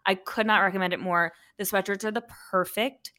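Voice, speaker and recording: A woman's voice: mid-range voice, fairly even intonation, a little fast, sharp tone. A woman co-hosting a casual book club podcast, playful and joking, her talk full of fillers. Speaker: podcast co-host.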